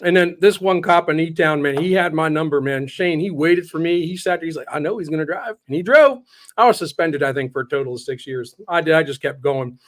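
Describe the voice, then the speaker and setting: A man's voice: a little high, brisk. A man hosting a talk show, telling stories in a blunt, joking way. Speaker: show host. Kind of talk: casual chat.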